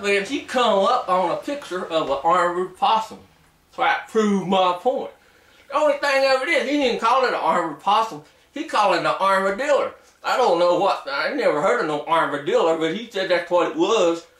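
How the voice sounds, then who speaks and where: A man's voice: high-pitched, a bit bright, far from the mic. A man playing a boastful, simple-minded backwoods ex-soldier who rambles through a comic story in ungrammatical rural dialect, recorded in an echoey room away from the mic. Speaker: comic character. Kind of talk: comic character monologue. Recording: roomy echo, voice away from the mic.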